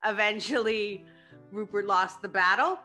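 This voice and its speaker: A woman's voice: medium pitch, unhurried, sharp tone, soft background music. A woman co-hosting a casual book club chat, telling a story and often breaking into giggles.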